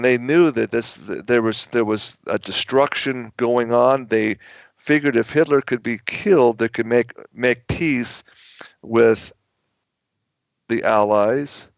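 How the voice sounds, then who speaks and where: A man's voice: mid-range voice, dry recording. A man who is an author guesting on a radio talk show, telling long, emphatic, rambling stories. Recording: dull lo-fi dry sound.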